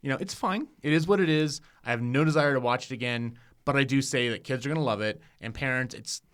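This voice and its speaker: A man's voice: mid-range voice, steady tone, quick pace, fairly bright tone, clean tone. A man co-hosting a movie podcast, talking in a rambling, chatty way. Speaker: podcast co-host. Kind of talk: casual movie review chat.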